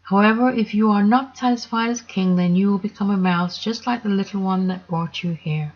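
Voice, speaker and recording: A woman voicing a stern, disapproving wizard who speaks loudly and scolds. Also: mid-range voice, moderate pace, highs cut off, lightly acted.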